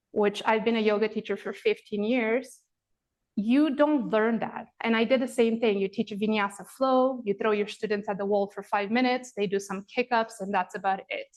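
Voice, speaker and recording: A woman in her forties from Romania, a yoga teacher giving a chatty, animated online workshop, demonstrating poses as she talks to viewers. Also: fairly high pitch. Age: 40s. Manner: chatty, animated, addresses viewers as "you guys"; demonstrating poses while talking.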